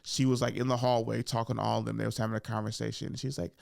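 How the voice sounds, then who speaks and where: A man hosting a podcast, slangy and profane, telling animated stories and acting out quotes. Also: lowish voice, fast talker, vocal fry, no room sound, studio quality. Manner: animated storytelling, acts out quotes and drops into whispers. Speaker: podcast host. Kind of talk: casual podcast chat.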